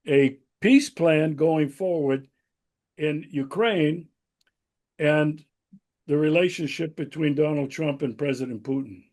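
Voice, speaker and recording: Measured male interview host, slightly high voice. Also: a little mellow. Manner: measured questioning, laughs easily. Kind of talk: casual political interview.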